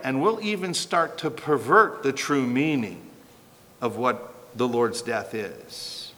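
A man's voice: mid-range voice, slow pace, pushed and bright. A man preaching a sermon as pastor, emphatic and repetitive, often asking the congregation questions. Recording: long hall reverb.

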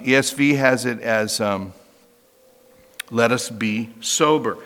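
Lively preacher in a reverberant hall. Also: male voice, a little high. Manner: emphatic, repeats key phrases, asks listeners "you see?". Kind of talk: expository sermon.

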